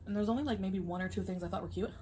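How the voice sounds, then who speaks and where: A woman at a middle pitch chats casually to her viewers between bites. She rambles and pads her talk with fillers. The clip carries a faint bed of ambient noise. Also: racing, dark tone. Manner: rambling, filler-heavy chatter. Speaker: mukbang vlogger. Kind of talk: casual eating vlog chat. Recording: clip played from a video.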